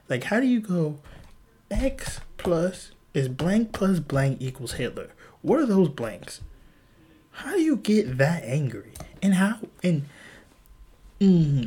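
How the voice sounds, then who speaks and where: Guy doing a solo podcast, swears a lot, rambles, husky voice that jumps around. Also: medium pitch. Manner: rambling, profane and animated. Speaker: podcast host. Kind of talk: casual solo podcast rant.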